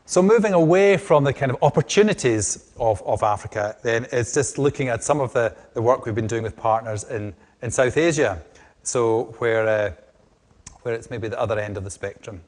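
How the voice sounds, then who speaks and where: A man's voice: mid-range voice, moderate pace, a little mellow. A middle-aged man from Scotland with a strong Scottish accent, giving an academic lecture with frequent restarts and fillers. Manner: hesitant, many restarts and fillers. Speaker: lecturer on groundwater.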